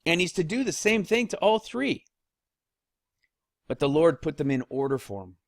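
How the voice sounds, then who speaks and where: A man's voice: a little high, sing-song, moderate pace, creaky, no echo, studio quality. A man casually teaching Bible verses, rambling, losing his place and asking rhetorical questions.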